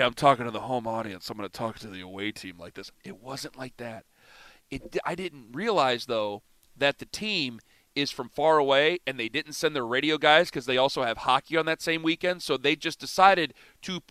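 A middle-aged man hosting sports talk radio, telling a story in an animated, self-mocking way. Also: sits high, smooth, no echo. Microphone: studio microphone.

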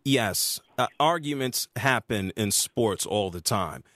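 A man's voice: no echo, studio quality. A man hosting a sports talk radio show, arguing his point with emphasis. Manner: emphatic, argumentative, lively pitch swings.

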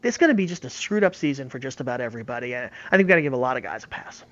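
A baseball analyst talks shop in a casual, emphatic, opinionated way, his medium-pitched voice expressive, very fast, and a bit bright. The recording has slightly dull lo-fi audio.

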